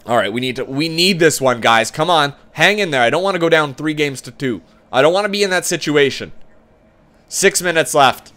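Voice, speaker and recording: High-voiced young man calling a game. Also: animated, a little fast. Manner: swings from hushed tension to loud cheering. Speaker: gaming commentator. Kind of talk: excited play-by-play game commentary.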